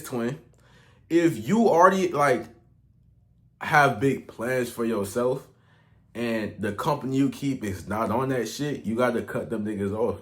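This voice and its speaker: Young male online coach, unscripted talk-to-camera vlog, heavy slang and cursing, restarts often, swings from mumbling to loud. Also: mid-range voice. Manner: slangy, profane, rambling with restarts and swings in loudness. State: out of breath. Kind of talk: casual motivational rant to camera.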